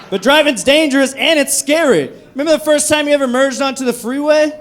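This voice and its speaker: A young man with a very high, expressive voice performs a profane, conversational stand-up set into a handheld mic on a comedy club stage. He talks fast with few pauses and acts out drunk voices, with slight background noise.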